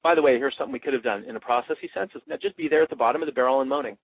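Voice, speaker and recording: A man's voice: medium pitch, very fast, no echo. Man teaching coaching over a tinny line. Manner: loose and demonstrative, acting out coach lines. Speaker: coaching trainer. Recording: tinny dry phone line.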